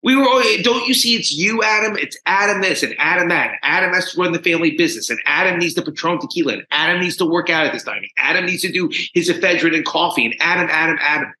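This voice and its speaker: A man's voice: on the high side, lively intonation, fast, few pauses, sharp tone, roomy sound, a little hiss or hum, pitched above the performer's own voice, rough recording. A man voicing an exasperated wife, woken in the night, mocking in a sing-song way.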